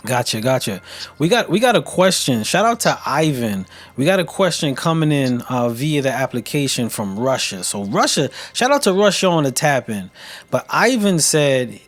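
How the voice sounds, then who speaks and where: A man hosting a live show who interviews his guest casually, reads out viewer questions and gives upbeat shout-outs in laid-back slang. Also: mid-range voice, sing-song, moderate pace. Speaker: show host.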